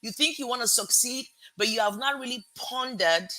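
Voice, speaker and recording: A woman with a mixed American and Nigerian accent hosting a motivational live stream, energetic and chatty, greeting viewers and pausing to fix her words. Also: a little high. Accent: American-Nigerian mix. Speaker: host.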